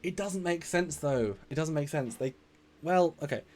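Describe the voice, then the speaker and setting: A man's voice: a little high, lively intonation, moderate pace, darkish tone. A man hosting a casual live stream, energetically reading out and answering viewer comments and laughing easily.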